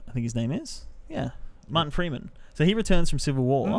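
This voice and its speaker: A fairly high-voiced man talking over a film on a podcast, close and dry with no room sound around him. He chats casually and keeps slipping into little acted-out quotes. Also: a little fast, dry recording. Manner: animated, retells scenes in acted-out quotes. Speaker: podcast co-host.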